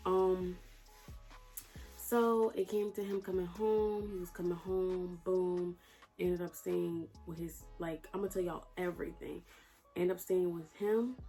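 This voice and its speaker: Woman telling a storytime to camera, low gravelly voice, cusses a lot, faint music under it. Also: mellow. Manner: blunt, swearing freely, repeats lines for emphasis. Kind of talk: casual storytime vlog.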